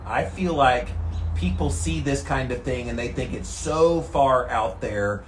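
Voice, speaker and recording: A man vlogging from an ice bath, talking calmly and steadily to the camera. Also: mid-range voice, a little slow, reverberant, slight background noise. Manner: calm and steady, relaxed despite the cold. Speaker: vlogger doing a daily ice bath challenge. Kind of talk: casual talk to camera. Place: sitting in an ice bath tank.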